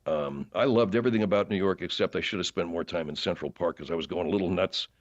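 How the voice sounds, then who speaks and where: A man guesting on a podcast, an actor telling long casual stories in a rambling, animated way, full of fillers and restarts. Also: low voice, fast, dull audio. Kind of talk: casual interview storytelling.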